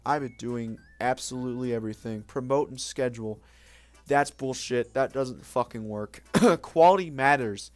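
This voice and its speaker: A man's voice: medium pitch, moderate pace, no echo. A young man streaming late at night, chatting casually with viewers in a rambling, self-mocking way, swearing now and then.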